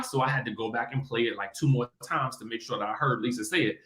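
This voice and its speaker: A man hosting a casual reality-TV chat show, animated and quick to laugh. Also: mid-range voice, reverberant. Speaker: podcast host.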